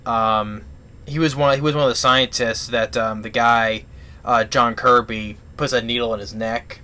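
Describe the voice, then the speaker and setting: A man giving a casual spoken movie review, retelling the plot in a rambling, halting way full of restarts. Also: mid-range voice, fairly even intonation, bright, forceful tone.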